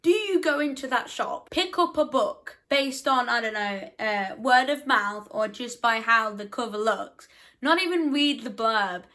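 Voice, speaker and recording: A young woman talks casually to her camera. Her voice sits a little high. She is chatty and self-deprecating and keeps slipping in quick, defensive asides. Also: bright, forceful tone. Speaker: book vlogger.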